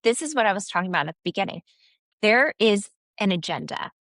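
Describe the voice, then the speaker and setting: A woman's voice: medium pitch, animated, quick pace, fairly bright tone, no room sound, clean studio sound. A woman co-hosting a casual book-discussion podcast, reflective and analyzing the characters. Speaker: podcast co-host.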